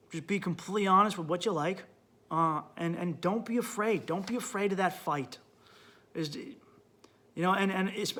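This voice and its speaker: High, bright-voiced crude male podcast host. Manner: crude, blunt and animated, acting out his own inner voice. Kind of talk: comedic podcast monologue.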